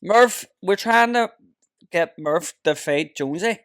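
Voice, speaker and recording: A man's voice: sits high, animated, measured pace, fairly bright tone, dry recording, studio quality. A man from Ireland, hosting a casual podcast chat and telling stories full of swearing and laughter. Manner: swearing storyteller, laughs often. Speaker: podcast host.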